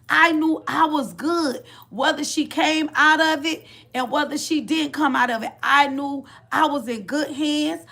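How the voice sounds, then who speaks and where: A woman's voice: high voice, vocal fry, pushed and bright. A middle-aged woman giving a heartfelt personal testimony of faith, repeating and restarting her phrases as she speaks. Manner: heartfelt, repetitive, restarts phrases, Southern Black church cadence of faith talk. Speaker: mother sharing a testimony.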